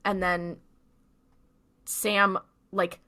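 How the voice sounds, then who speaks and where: Bright-voiced woman recapping casually. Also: mid-range voice, level tone, very slow. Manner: chatty, filler-heavy retelling with quoted lines. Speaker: podcast co-host.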